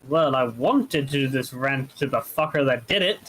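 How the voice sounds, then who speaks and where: A man's voice: mid-range voice, lively intonation, moderate pace, a bit bright, breathy edge, low-quality recording. A man running a tabletop game as game master, with a laid-back, wry way of talking. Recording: background noise and clicks.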